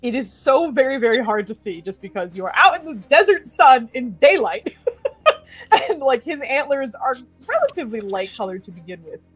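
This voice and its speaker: Husky, lively woman running a tabletop game. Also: high voice, normal speed, dry recording, soft background music, rough recording. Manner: laughs often, lively narration. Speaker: dungeon master.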